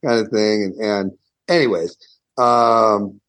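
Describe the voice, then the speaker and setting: A middle-aged guest guitarist tells a story in a casual interview, speaking slowly in a fairly low voice with a fairly bright tone. His telling rambles, swears, and restarts often.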